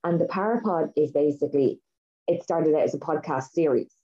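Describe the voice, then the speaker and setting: Woman podcast host, low voice, rambly and excited, kinda dull lo-fi sound. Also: brisk. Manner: rambling, enthusiastic storytelling with many fillers. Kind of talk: casual chat.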